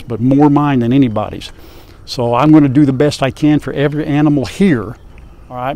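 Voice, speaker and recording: A man's voice: fairly high pitch, darkish tone. An older man hosting a farm vlog outdoors, chatting in a folksy, wry way to viewers. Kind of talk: casual vlog to camera. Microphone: lapel.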